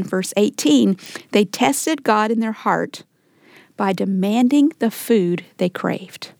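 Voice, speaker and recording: Female Bible teacher, middle-aged, mid-high voice, dry recording; sermon delivery with acted quotes and whispered asides. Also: dark tone, no echo. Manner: acts out quoted complaints in raised voice.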